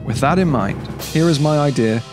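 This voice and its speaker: A man narrating a scripted video essay in a measured, explanatory way. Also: fairly high pitch, music in the background.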